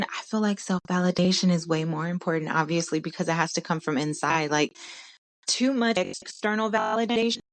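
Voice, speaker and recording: A young woman in a candid personal vlog, talking casually with slang, emotional and tearful with a stuffy nose. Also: lowish voice. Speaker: vlogger.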